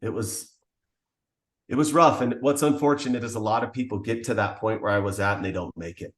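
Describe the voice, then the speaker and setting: A man's voice: fairly low pitch, a little fast, roomy sound. Earnest man sharing his testimony. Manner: earnest, emotional storytelling. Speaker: podcast guest. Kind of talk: personal testimony.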